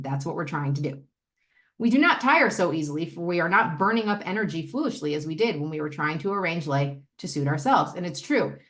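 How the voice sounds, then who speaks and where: A woman leading a recovery step study in a casual, candid, self-mocking way. She jumps into high mock-voices and drops into low muttered asides. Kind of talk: casual talk on a recovery text.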